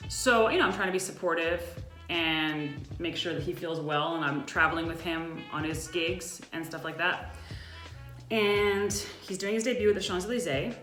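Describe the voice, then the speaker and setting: A woman's voice: on the low side, a bit bright. Chatty Canadian woman in a roomy space. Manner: chatty, many fillers. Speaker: co-host. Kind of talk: casual live-stream chat.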